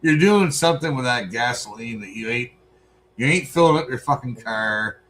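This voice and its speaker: A man, co-host of a podcast, telling a profane, animated story in casual chat. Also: mid-range voice, moderate pace, a little hiss or hum.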